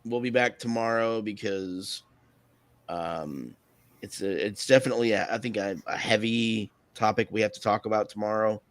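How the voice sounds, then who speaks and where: A man's voice: fairly low pitch, moderate pace, no echo. A man hosting a live stream, chatting casually with a co-host, hesitant and often chuckling. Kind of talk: casual chat.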